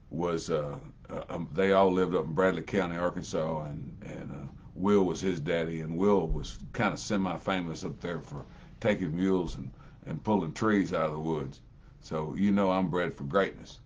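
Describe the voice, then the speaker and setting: A man's voice: low voice, husky, lo-fi sound. A man preaching a sermon with folksy storytelling and plenty of fillers.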